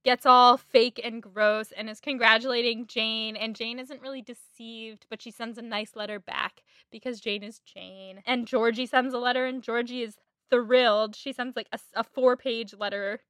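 A woman's voice: a little high, steady tone, normal speed, few pauses, bright, forceful tone, no echo, studio quality. A young woman co-hosting a podcast in casual book chat, giggly and gushing, sighing often. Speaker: podcast co-host.

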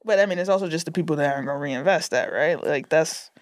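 Relaxed woman in a dry, close recording. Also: low voice, dry recording. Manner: relaxed, profane, quick to laugh. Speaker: guest, TV comedy writer. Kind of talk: casual podcast chat.

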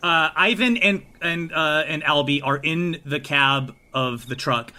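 A man running a tabletop game as game master, theatrical and prone to sudden loud outbursts. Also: a little high, a little slow. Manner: theatrical, swings from calm to shouting.

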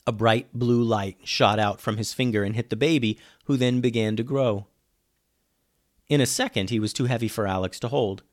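A man reading a children's pirate adventure story aloud, lively and dropping low on the speech tags. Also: moderate pace.

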